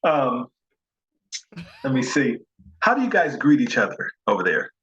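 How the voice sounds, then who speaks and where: A man's voice: mid-range voice, big pitch swings, measured pace, a bit bright, lo-fi sound, a little hiss or hum. Easygoing American man asking questions. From United States. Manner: curious, easygoing, stammers on restarts. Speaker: interview host. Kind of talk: casual interview over video call.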